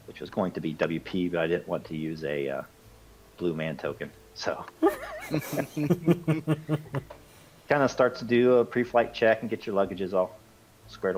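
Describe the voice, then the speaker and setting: A man's voice: deep voice, slight background noise. A man narrating as game master in a casual, rambling way with many fillers. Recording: dull lo-fi sound with faint music.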